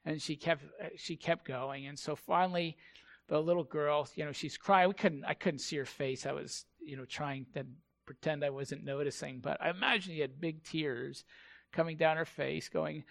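A male pastor giving a sermon, telling a story in a halting way and repeating words. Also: a little high, gravelly, a bit bright.

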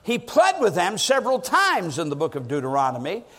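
A high-voiced man delivers a sermon with wide, lively swings of pitch. He leans hard into stressed words and sinks low for emphasis. His voice rings out with the long reverb of a large hall. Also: fairly quick. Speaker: preacher.

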